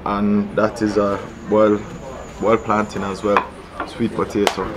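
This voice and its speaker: A Jamaican man casually explaining local dishes at a restaurant table, patient and relaxed, often saying "yeah, man". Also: on the low side, unhurried, background noise. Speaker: food vlog host. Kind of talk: casual food chat.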